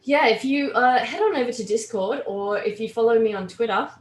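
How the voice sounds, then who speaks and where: A woman's voice: fairly high pitch, fairly quick, roomy sound. A woman co-hosting an online conference over a video call, upbeat and laughing easily. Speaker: conference co-host. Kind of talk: casual livestream chat.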